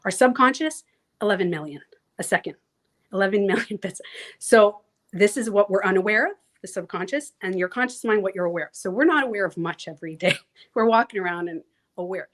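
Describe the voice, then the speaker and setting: A woman coach talking casually in an interview, animated, acting out inner voices and laughing easily. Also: mid-range voice, a little fast. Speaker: transformation coach, guest.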